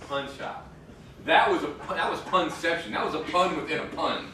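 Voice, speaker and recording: Speaking at a moderate pace in a slightly high voice, a man on an indoor venue stage swaps punny banter, then delivers a rhythmic slam poem. The recording is distant and echoey, with background noise.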